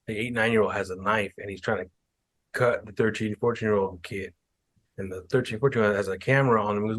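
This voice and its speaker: A young man hosts a podcast, chatting casually in a slightly low voice. He tells stories with animated imitations of the people involved, jumping up into higher voices. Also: fast talker, no echo. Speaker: podcast host. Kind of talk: casual chat.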